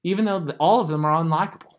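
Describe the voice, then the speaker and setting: A man's voice: fairly high pitch, racing. Man, light Southern US accent, podcast co-host, casual rambling chat, lots of "like". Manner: rambling, filler-heavy, says "like" a lot.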